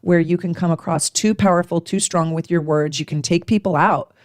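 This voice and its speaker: A woman in her forties hosting an astrology talk, speaking with emphatic energy and acting out quick exchanges. Her voice sits on the low side and is recorded close and dry, with no room sound. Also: no room sound. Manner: emphatic, animated, acts out little dialogues in a higher voice. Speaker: astrologer host. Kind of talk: casual astrology talk to camera.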